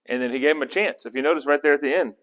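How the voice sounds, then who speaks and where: A man with a somewhat high, slightly bright voice races through a casual Bible study, rambling conversationally and often correcting himself mid-sentence. Long hall reverb hangs on the recording.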